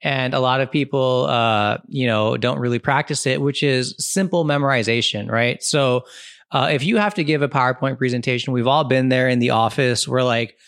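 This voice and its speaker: A man in his thirties talks through a casual advice monologue in a loose, chatty way, tagging his points with "right?" and "you know". His voice sits at an ordinary middle pitch. The recording is dry and close, with no room sound. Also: moderate pace, fairly bright tone, no room sound. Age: 30s. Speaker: comedian and podcast host.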